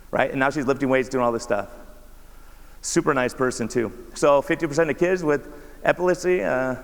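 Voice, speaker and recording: A man, a doctor, giving a conversational talk with slides, often asking the audience rhetorical questions. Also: mid-range voice. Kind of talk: conference presentation with slides. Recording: reverberant hall.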